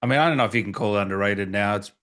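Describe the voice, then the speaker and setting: A man's voice: lowish voice, rapid-fire, a bit bright. Host, man, casual interview, eager and admiring, fan energy. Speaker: podcast host.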